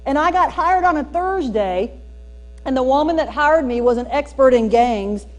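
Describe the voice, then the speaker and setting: A woman with a Southern US accent giving a storytelling keynote at a teacher training, folksy and animated with emphatic punchlines. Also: high-pitched, moderate pace. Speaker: speaker at a teacher training day. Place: church hall used for a school district training.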